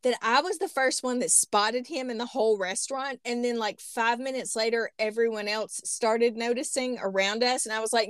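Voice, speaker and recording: A woman in her thirties co-hosts a podcast, her fairly high voice rambling through casual chat and self-deprecating jokes. She records in a small closet, so the sound is close and dry. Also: normal speed, hardly any pauses, a bit bright, smooth, no room sound. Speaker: podcast co-host.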